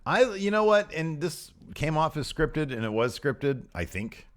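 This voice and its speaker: A man co-hosting a wrestling review podcast in casual chat, animated and laughing often, acting out what the wrestlers said. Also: fairly high pitch, unhurried. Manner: animated, acts out quoted lines. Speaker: podcast co-host.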